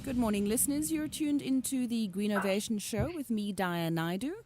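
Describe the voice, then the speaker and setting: A woman's voice: mid-range voice, lively intonation, moderate pace, over music. A woman hosting a radio show, giving friendly scripted introductions and questions to her guest. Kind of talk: radio interview.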